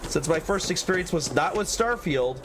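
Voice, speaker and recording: A man's voice: a little high, expressive, normal speed, noisy background. A man giving casual, rambling commentary while streaming a video game. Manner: chatty, rambling, prone to tangents.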